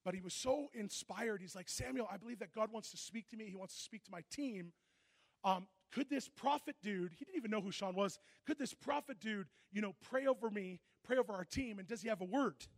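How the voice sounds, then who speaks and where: A man preaching a sermon into a handheld mic, telling stories with animated energy and frequent laughter. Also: sits high, fairly quick, no echo. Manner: animated storytelling, bursts of laughter.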